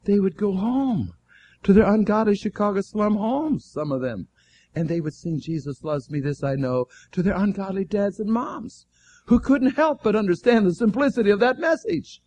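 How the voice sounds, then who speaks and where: A man preaching a sermon as an animated storyteller, acting out the dialogue with fervent exclamations. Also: high-pitched, moderate pace, breathy edge.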